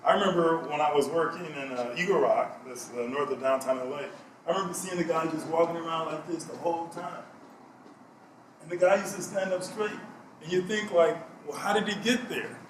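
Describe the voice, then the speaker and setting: A man's voice: a little high, a little fast, noisy background. A middle-aged man giving a health talk, emphatic and repeating his key points. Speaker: health speaker. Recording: echoey room, mic at a distance.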